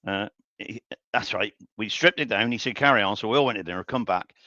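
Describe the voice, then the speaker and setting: A man's voice: fairly low pitch, brisk, pushed and bright, dry recording. An older man hosts a live woodturning stream, rambling through workshop anecdotes with chuckles and frequent restarts. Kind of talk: casual storytelling while working. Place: home workshop. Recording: dull lo-fi stream audio.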